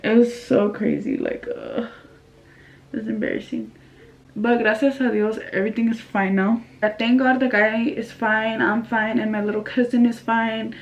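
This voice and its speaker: A woman's voice: on the high side, fairly even intonation, moderate pace, far from the mic, poor audio. A young woman from California telling a casual storytime, slangy and chatty, dropping Spanish phrases into her talk. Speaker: vlogger.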